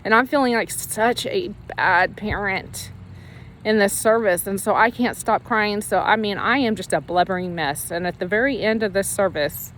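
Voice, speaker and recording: A woman's voice: mid-range voice, moderate pace, a bit bright, a little hiss or hum. Earnest woman telling her faith testimony. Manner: earnest, emotional, rambling with restarts. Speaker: Christian ministry leader sharing her testimony. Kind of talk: personal faith testimony, casual storytelling.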